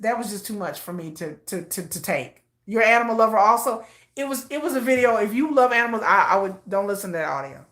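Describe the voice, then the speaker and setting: A woman's voice: on the high side, bright, forceful tone, reverberant. A woman giving casual, emotional commentary, often repeating herself. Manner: emotional, repetitive, restarts often. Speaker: commentary vlogger.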